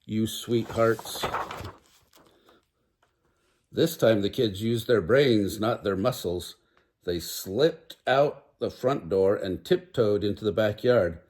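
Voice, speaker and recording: An older man reading a children's picture book aloud, unhurried, with small stumbles. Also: on the low side, expressive, darkish tone. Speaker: storybook reader.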